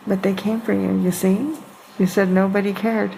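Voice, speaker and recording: A woman medium speaking gently and slowly to a spirit, coaxing it to let go. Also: mid-range voice, little pitch movement, gravelly, slight background noise, low-quality recording. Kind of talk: speaking to a spirit during a house clearing.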